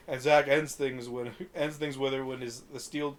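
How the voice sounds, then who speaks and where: A man's voice: mid-range voice, little pitch movement, normal speed. A man casually recapping a film on a podcast, rambling with fillers and swearing freely. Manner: rambling, many fillers, acts out quotes. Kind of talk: casual profane podcast chat.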